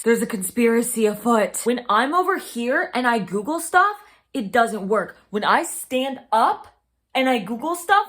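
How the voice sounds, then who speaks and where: Young adult woman, bubbly casual reactor, slightly high voice, talks with lots of filler. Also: fairly bright tone. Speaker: songwriter reacting to an album.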